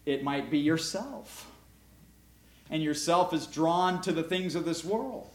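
A pastor with a somewhat high voice delivers a lively sermon. He drops to near-murmurs, then builds to loud, emphatic calls, with joking asides and questions thrown to the congregation. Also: takes it slowly. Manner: animated preaching, shifts from quiet asides to loud emphatic calls; humorous, asks the congregation rhetorical questions.

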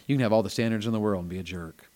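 A man preaching a revival sermon in a small church, folksy and storytelling, rising to loud emphatic peaks. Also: fairly low pitch, rapid-fire.

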